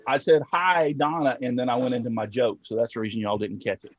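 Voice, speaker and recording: A man's voice: mid-range voice, steady tone, fast talker, a little mellow, husky. An older man hosting a casual livestream, telling jokes and reading comments in a folksy, chuckling way. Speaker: host. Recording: dull, dry lo-fi stream audio.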